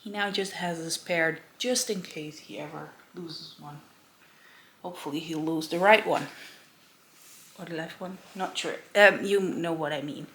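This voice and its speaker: Woman, podcast host, casual show-and-tell, rambling with lots of ums, unhurried delivery. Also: deep voice, a bit bright, slight background noise. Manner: rambling, many filler ums, self-correcting.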